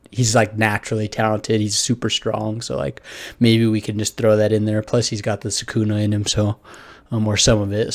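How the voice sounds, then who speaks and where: A man with a slightly low voice talks through an anime episode in a loose, rambling review. He leans on fillers and restarts, tossing in casual swearing as he goes.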